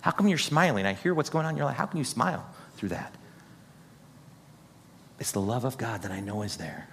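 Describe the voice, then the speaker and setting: A man's voice: on the low side, a little hiss or hum. A man pastor preaching an earnest, encouraging sermon straight to his congregation. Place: church sanctuary. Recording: husky voice in a long-reverb hall.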